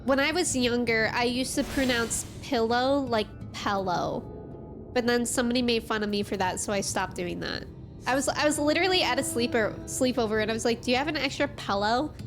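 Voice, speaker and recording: A woman's voice: a little high, fairly quick, over music. A young woman streaming a game, chatting casually, reading chat messages aloud and reacting to them.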